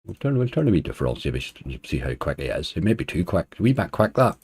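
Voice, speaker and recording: A man runs a relaxed live stream, greeting viewers by name and chuckling as he goes. His voice sits a little low, with a dark, mellow tone. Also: fast, breathy edge. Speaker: slots streamer greeting chat. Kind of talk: casual live-stream chat.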